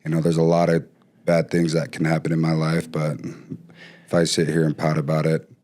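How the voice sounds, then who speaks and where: A man talking as a podcast guest, telling stories casually with lively bursts and frequent restarts. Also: extremely low pitch, fairly quick. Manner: animated, trails off and restarts often. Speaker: podcast guest, former pro football player. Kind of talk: casual storytelling.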